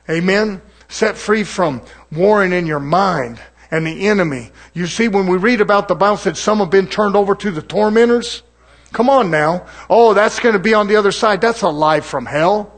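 A middle-aged man preaches with a fiery, mocking delivery. He calls out to his congregation, and his voice sits high for a man. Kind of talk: sermon.

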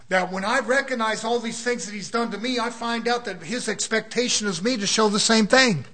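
A man's voice: sits high, a bit bright. A man preaching a fervent sermon at a church service, emphatic and full of rhetorical questions.

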